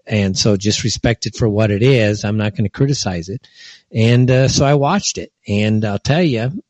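A man's voice: fairly low pitch, moderate pace, darkish tone, no echo. A man hosting an internet radio show, ranting in a scornful, exasperated way with bursts of laughter. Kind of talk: ranting talk radio monologue. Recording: dull, lo-fi, dry sound.

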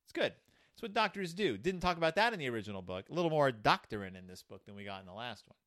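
A man's voice: medium pitch, big pitch swings, fast talker, fairly bright tone, dry recording, clean studio sound. A man hosting a show, giving comedic commentary on a children's book, rambling with many restarts. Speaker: podcast host reviewing a children's book.

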